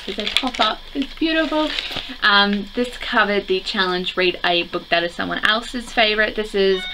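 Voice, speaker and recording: A woman's voice: mid-range voice, noisy background. A teenage girl chatting casually to camera as a book vlogger, rambling along with lots of "like" fillers.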